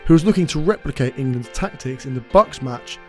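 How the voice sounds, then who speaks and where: A male sports reporter reads a scripted package at mid pitch in a formal, polished style. Clear music plays under his narration. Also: animated, brisk, mellow.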